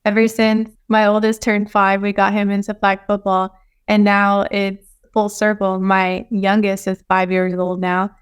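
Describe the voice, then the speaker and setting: A woman's voice: mid-range voice, flat delivery, a little slow, clear, resonant tone. A woman in her thirties from Texas, a podcast guest chatting in an easygoing way and laughing often. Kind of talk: casual chat.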